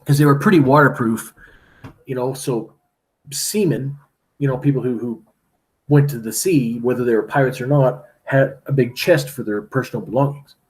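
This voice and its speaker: A man's voice: medium pitch, moderate pace. Male teacher, chatty and informal, retells a story with a mid-range voice. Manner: chatty, lots of "like" and "right?". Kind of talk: casual storytelling to students.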